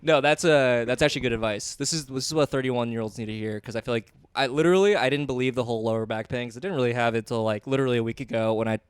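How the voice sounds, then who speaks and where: A man in his early thirties trades loose, self-mocking jokes on a comedy podcast, laughing as he goes. His voice is smooth and clean, heard close and dry with no room around it, at a middling pitch. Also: racing, hardly any pauses, no room sound. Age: 30s. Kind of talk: casual podcast chat.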